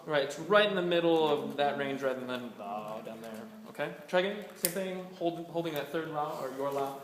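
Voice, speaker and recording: A man running a choir rehearsal, giving brisk directions, counting in and singing lines to show the way. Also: fairly high pitch, lively intonation, a crowd in the background. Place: rehearsal room. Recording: echoey room with choir singing.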